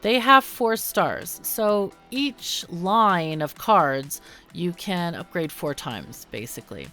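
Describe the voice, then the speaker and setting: A woman's voice: on the low side, expressive, slow, sharp tone, soft background music. A woman hosting a casual let's-play, chatting through the game with lots of ums and self-corrections. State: hiccuping. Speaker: gaming channel host.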